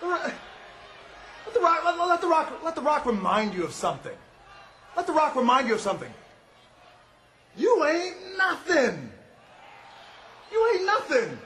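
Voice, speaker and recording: High, shouting wrestler in an echoey arena. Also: male voice, wildly swooping pitch, unhurried, long pauses. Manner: boastful, shouting, refers to himself in the third person. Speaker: pro wrestler cutting a promo. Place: large indoor arena. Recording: echoey arena with faint crowd noise.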